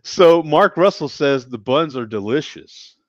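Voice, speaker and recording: A man from the United States hosting a casual chat show, reacting to viewer comments with frequent laughs and animated exclamations. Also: on the high side, unhurried, no echo. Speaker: show host. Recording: dull, dry lo-fi sound.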